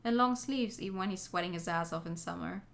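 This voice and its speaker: A woman's voice: lowish voice, fast, vocal fry, a bit bright, voice pushed down. A woman reading game dialogue aloud as an easygoing, talkative young man explaining what he knows.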